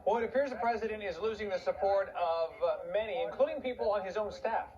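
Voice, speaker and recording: Male anchor, fairly high voice, formal news read, dull lo-fi audio. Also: quick pace, a crowd in the background. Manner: steady, formal delivery. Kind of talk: broadcast news reading.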